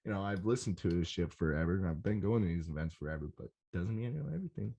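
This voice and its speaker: A young man hosting a rave podcast, talking in an excitable, rambling way and swearing often. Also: deep voice, fast, vocal fry, husky. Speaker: podcast host. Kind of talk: casual solo podcast recap.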